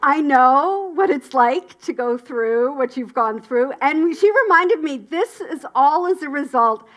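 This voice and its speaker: A woman's voice: high-pitched, expressive, unhurried, fairly bright tone. A woman giving enthusiastic, chatty announcements at a spiritual community service, cheering the news along. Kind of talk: upbeat church announcements. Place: spiritual community gathering indoors.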